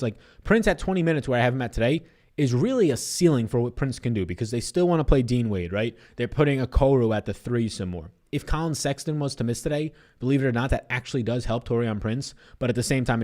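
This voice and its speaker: Young guy on a betting livestream, rattles off picks super fast, loose and chatty, swears a bit. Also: medium pitch. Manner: fast, animated, loose and profane. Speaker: sports betting livestream host. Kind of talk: casual livestream chat reading viewer comments.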